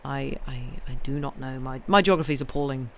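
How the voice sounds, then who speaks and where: A woman's voice: rumbling low, fairly quick, slight background noise. A woman who streams herself reading novels aloud, chatting casually and rambling, full of ums and restarts. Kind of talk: casual chat on a live stream.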